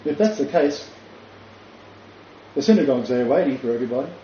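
Warm and brisk, this medium-pitched male voice carries lively intonation. The speaker, an older Christian ministry leader, teaches in a casual, emphatic way, stumbling over fillers and returning to key phrases. Faint noise sits under a roomy, lo-fi recording.

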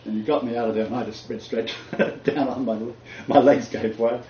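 An older man from Australia, preaching and telling a personal story with sudden loud peaks. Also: medium pitch, steady tone, fairly quick, echoey room, lo-fi sound, a little hiss or hum.

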